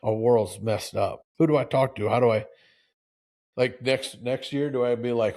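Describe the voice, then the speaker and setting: A man in his forties hosting a live talk show, preachy and animated, with lots of restarts and acted-out quotes. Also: mid-range voice, moderate pace. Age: 40s. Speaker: show host.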